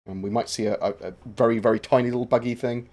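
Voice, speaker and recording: A man running a gaming channel rattles off answers to viewer questions fast, his medium-pitched voice relaxed and rambling on the livestream. Filler sounds crop up constantly.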